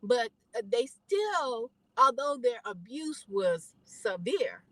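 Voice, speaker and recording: A middle-aged woman vlogging a heated monologue straight to her viewers, preachy and fierce, swinging between shouted outbursts and quieter asides. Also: fairly high pitch, big pitch swings, slow, no echo, low-quality recording. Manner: fiery, preachy, talks straight to the audience.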